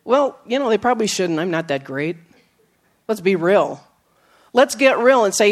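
A woman preacher giving a sermon, telling stories with acted quotes, moving from emphatic lines to soft, low asides. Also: animated, normal speed. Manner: storytelling, with acted quotes and laughs.

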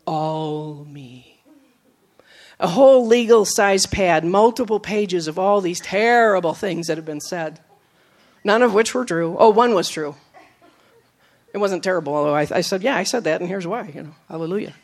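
A woman preacher giving a sermon, telling stories with acted quotes, moving from emphatic lines to soft, low asides. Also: moderate pace. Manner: storytelling, with acted quotes and laughs.

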